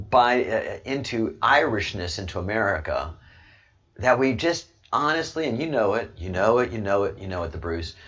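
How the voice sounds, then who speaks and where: Talking into a desk microphone, a man hosts a casual commentary livestream, rambling through his points with repetitive, joking asides. His voice is medium-pitched, fairly bright, and husky.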